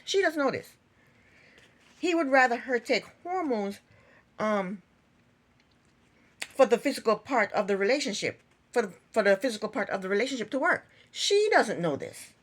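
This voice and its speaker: A woman with a fairly high voice that swings up and down a lot tells the story of a reality TV episode in a casual vlog. She circles back to the same points and keeps stopping to ask, in disbelief, how the people on the show could act that way. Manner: animated, repetitive storytelling; exasperated, incredulous asides. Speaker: show recap vlogger. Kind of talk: casual TV recap.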